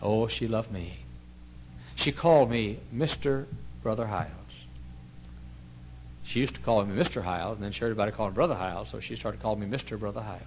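A male pastor telling a story in a sermon, swinging from hushed to loud. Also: on the low side, fairly quick, a little hiss or hum, poor audio.

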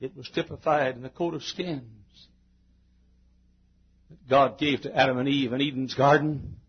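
A man preaching a sermon who swings from hushed murmurs to shouted climaxes and acts out the quoted voices with little laughs. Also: mid-range voice, fairly even intonation, a little slow, husky, lo-fi sound.

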